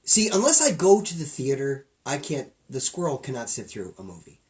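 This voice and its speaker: A man's voice: mid-range voice, a little fast. A man from upstate New York co-hosting a podcast, joking and self-deprecating in casual banter. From New York State. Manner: animated, jokey, self-deprecating. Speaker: podcast co-host.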